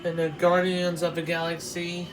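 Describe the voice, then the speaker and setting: A man vlogging as he walks through an exhibition, talking in a halting, nostalgic way with frequent restarts. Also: high-pitched, completely flat delivery, over music. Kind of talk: casual walk-through commentary.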